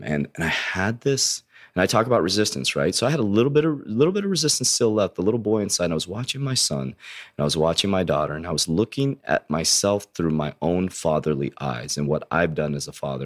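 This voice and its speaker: A man with a very low, deep voice and a slight lisp from a hurt tongue, speaking as a motivational speaker. He tells his story candidly and earnestly, swearing freely and calling his listeners warriors.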